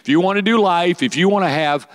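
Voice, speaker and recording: A man's voice: sits high, fast talker. A man preaching a sermon to young people, joking and calling for responses. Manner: lively, joking, calls for audience responses. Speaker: youth pastor.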